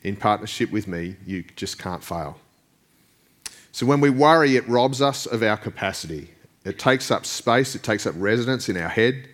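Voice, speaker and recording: A male pastor preaching a sermon in a casual, joking way, often chuckling. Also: fairly low pitch.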